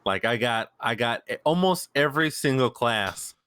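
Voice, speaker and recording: A man hosting a gaming podcast in casual chat, relaxed and swearing freely. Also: medium pitch, moderate pace, clear, resonant tone. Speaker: podcast host.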